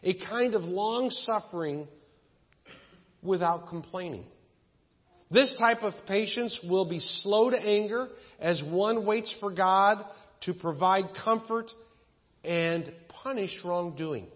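A man's voice: high voice, slow pace. A pastor telling folksy stories and jokes while preaching a sermon to his congregation. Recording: dull echoey church recording.

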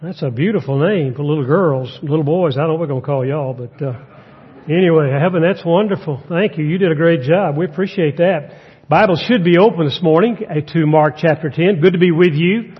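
A man's voice: a little high, brisk, slightly rough, in a large hall, lo-fi sound. A man, a guest preacher giving a folksy, conversational sermon with humor in a church. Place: church sanctuary.

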